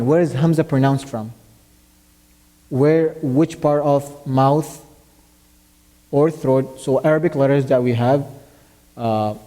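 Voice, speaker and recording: In a mosque classroom, a man gives a tajweed lesson, explaining step by step, reciting short Arabic verses and quizzing his student as he goes. His medium-pitched voice is warm and mellow, trailing a long hall reverb.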